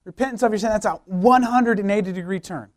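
A man's voice: sits high, fast talker, darkish tone. Emphatic man preaching a sermon. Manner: emphatic, repeats key phrases, rhetorical questions. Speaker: youth pastor.

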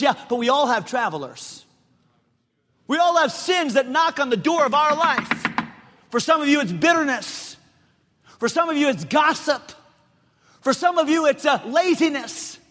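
A middle-aged male pastor preaching a sermon, emphatic, often shouting and repeating phrases for effect. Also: very high voice, lively intonation, measured pace, long pauses. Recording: long reverb of a large hall.

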